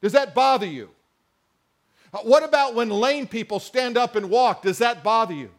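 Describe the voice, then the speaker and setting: A man's voice: very high voice, moderate pace. A man preaching a sermon, reading scripture and mixing in conversational asides and questions to the congregation. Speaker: pastor.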